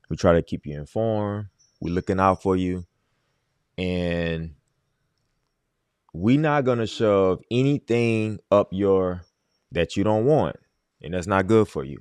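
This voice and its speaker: Man, low voice, dry close sound, casual livestream commentary, emphatic and repetitive. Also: no room sound. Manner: emphatic, repeats his points. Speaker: livestream host.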